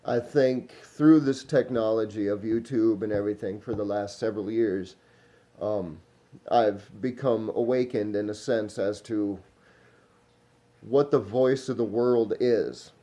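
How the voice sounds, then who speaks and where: A man's voice: mid-range voice, mellow, highs cut off. A man, rambling casually to camera in a vlog while smoking. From Minnesota. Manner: meandering, smoking while talking, trailing off. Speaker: vlogger.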